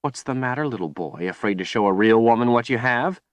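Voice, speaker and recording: A man's voice: medium pitch, lively intonation, fairly quick, dry recording, pitched above the performer's own voice, lightly acted. Man playing a defiant young woman, scornful, taunting, raised voice, dry close sound, audiobook. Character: defiant captive young woman, mocking and fierce.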